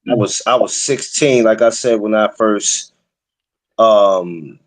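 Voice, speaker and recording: A man, hosting a podcast and telling stories in a loose, animated, swear-heavy way. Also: fairly low pitch, slow pace, rough recording. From the Bronx, New York. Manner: animated storytelling, swears freely, repeats for emphasis. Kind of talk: casual chat.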